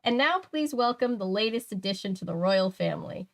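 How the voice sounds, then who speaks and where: A woman's voice: mid-range voice, lively intonation, a little fast, vocal fry. A woman reading aloud and voicing a grand male announcer hyping up an aquarium show. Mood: announcing. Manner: showy, hyping the crowd.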